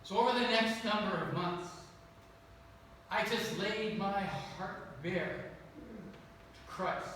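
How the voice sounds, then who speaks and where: A male pastor preaching with a high, bright, ringing voice. He tells a personal story and climbs to emphatic peaks. He sounds set back from the microphone, with long reverb in a large church sanctuary. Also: slow pace, pauses often, a little hiss or hum. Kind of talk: sermon. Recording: echoey church hall from far off.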